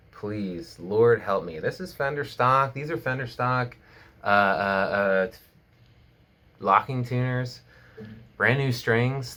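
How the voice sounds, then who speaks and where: A man giving a casual guitar lesson at home, joking and laid-back, with slow speech full of fillers. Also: fairly low pitch, fairly bright tone. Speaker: guitar teacher. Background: guitar playing.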